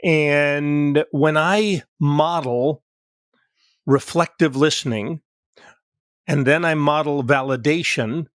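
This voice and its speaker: Middle-aged guy therapist hosting a podcast, kinda high voice, dead dry sound, chatty, tells stories from sessions. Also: slow, dry recording. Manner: explains with role-play examples from his practice. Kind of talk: conversational podcast talk.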